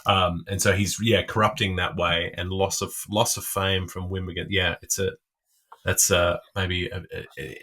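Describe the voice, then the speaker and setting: A low-pitched man talking through ideas in a relaxed podcast chat. He stops and starts often and circles back to rephrase his thoughts as he goes. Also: moderate pace. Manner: hesitant, many restarts and fillers. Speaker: podcast co-host. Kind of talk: casual literary discussion.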